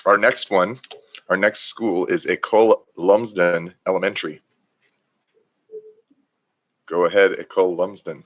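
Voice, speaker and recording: A man hosting a video call question session, quickly thanking speakers and calling on the next school. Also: low voice, fairly even intonation. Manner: brisk, handing over to the next speaker. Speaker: host.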